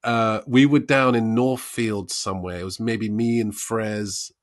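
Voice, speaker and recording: A man's voice: fairly low pitch, measured pace, no echo, clean studio sound. A man, co-hosting a casual podcast and telling old stories with lots of laughter. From West London. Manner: animated storyteller, laughs often, acts out voices. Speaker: podcast co-host. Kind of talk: casual chat, storytelling.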